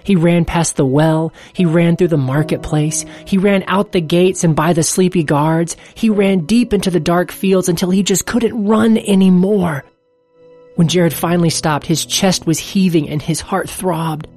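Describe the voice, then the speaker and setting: Storybook narrator, earnest and steady, mid pitch, faint music underneath. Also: measured pace.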